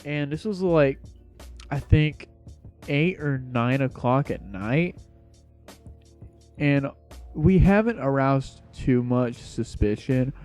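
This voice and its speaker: A young man spins a casual storytime tale, slangy and rambling. His voice is mellow and a little dark, sitting at an ordinary pitch. Faint music plays underneath. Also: lively intonation, slow pace, long pauses. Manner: slangy, laid-back rambling.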